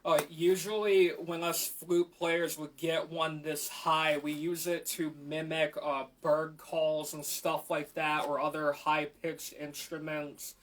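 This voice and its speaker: A man speaks slowly and unhurriedly, his voice sitting a little high and staying level, with few rises or falls. He explains his instruments to a live audience with frequent fillers. He is picked up by a camera in a community library room. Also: little pitch movement, a bit bright, a little hiss or hum. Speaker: flute player. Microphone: camera mic in the room.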